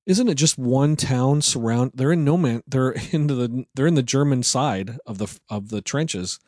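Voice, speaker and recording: A man's voice: mid-range voice, normal speed, a little mellow, no room sound, clean studio sound. A man co-hosting a casual movie review chat, rambling and sarcastic, swearing freely as he picks apart plot holes. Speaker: podcast co-host.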